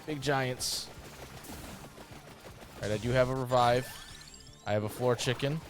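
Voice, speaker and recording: A man in the middle of his own pitch range talks through a game run, rambling from topic to topic and cursing freely. He jumps into sudden, high, excited yelps when things go right or wrong. Faint game music plays underneath him. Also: a little slow. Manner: excitable, swears freely, bursts into loud yelps; rambling, jokey asides. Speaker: gaming channel host. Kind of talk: playthrough commentary.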